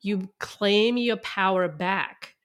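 Woman, lively, reflective, podcast co-host, mid-pitched. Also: slow pace. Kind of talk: casual chat.

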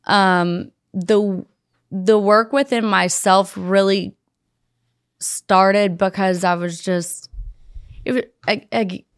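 Gravelly-voiced woman, candid. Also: medium pitch, fairly even intonation, slow, no room sound, clean studio sound. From Tennessee, USA. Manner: frank, casual, sprinkles in mild swearing. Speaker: guest. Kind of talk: candid conversational interview.

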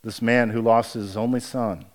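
Earnest pastor telling a story. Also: male voice, medium pitch, little pitch movement. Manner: hushed and halting in sad memories, rising and emphatic when preaching. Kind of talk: sermon with personal storytelling.

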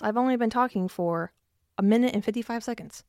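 A woman's voice: mid-range voice, normal speed, pauses often, darkish tone, no echo, studio quality. A young adult woman hosting her own podcast from her basement, chatty and self-mocking, swearing freely and short of breath. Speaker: podcast host. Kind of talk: casual solo podcast chat. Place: home basement.

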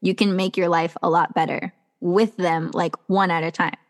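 A woman's voice: fairly low pitch, steady tone, moderate pace. A woman who works as a self-love coach, speaking as a podcast guest in an earnest, encouraging way with lots of "like" fillers. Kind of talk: casual podcast chat.

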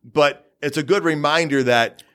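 A man hosting a podcast, talking in a steady, measured way and leading the questions. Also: a little high. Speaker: podcast host. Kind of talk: casual podcast chat.

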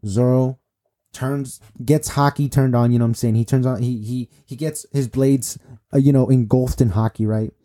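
Excitable man with a dark tone. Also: medium pitch, normal speed, no echo, studio quality. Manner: excitable, repetitive, speaks to viewers as guys and bro. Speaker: manga recap vlogger. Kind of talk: casual excited recap.

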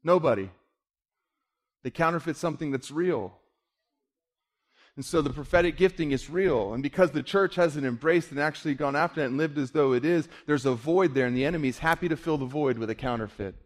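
Animated male preacher telling a story. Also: medium pitch, brisk. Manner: animated storyteller, voice drops quiet for emotional moments. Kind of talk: sermon storytelling.

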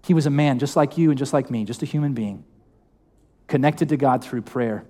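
A man's voice: mid-range voice, brisk, warm tone. A young man preaching a sermon in a church, speaking casually and asking the congregation questions. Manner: conversational, asks the congregation questions. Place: church hall.

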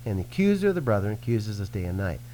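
A man with a lowish voice races through his words as a Christian minister teaching in radio-style conversation. He's earnest and animated, acting out quotes, and the rough recording carries a little hiss or hum.

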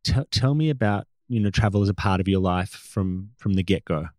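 A man's voice: sits low, brisk, a little mellow, no room sound. A man hosting an interview who affirms his guest and asks questions in a casual, conversational way with some fillers. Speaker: interview host.

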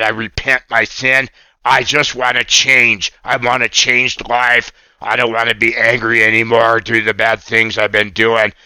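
A man voicing an excitable, earnest young male puppet friend on a radio show, gushing and eager to jump in. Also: medium pitch, no room sound. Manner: gushing, eager, keeps jumping in. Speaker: puppet co-host.

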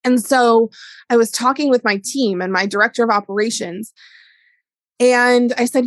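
A woman's voice: fairly high pitch, moderate pace, dry recording. A middle-aged woman and wellness educator talking candidly and casually in a solo monologue, with lots of "like". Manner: candid, chatty, heavy use of "like". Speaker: wellness educator and business owner.

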